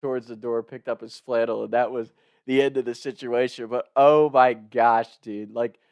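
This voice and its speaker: A young man casually telling a wild story, animated, laughing and shouting out the lines he quotes. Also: medium pitch, normal speed.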